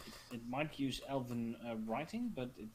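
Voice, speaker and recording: A man playing a casual tabletop game explains rules and lore matter-of-factly. His medium-pitched voice is expressive at a normal speed, with a little hiss or hum.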